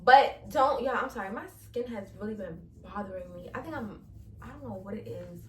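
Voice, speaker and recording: A young woman, hosting a casual solo podcast, blunt and animated, laughing between profane rants. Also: mid-range voice, fairly quick, roomy sound, far from the mic, a little hiss or hum. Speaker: podcast host.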